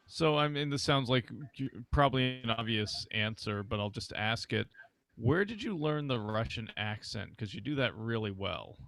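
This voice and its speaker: A man co-hosting a casual talk show in a blunt, rambling way. His voice is gravelly with fry. The recording is dry and close. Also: mid-range voice, expressive, moderate pace, a bit bright, no room sound. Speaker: co-host. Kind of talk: casual chat.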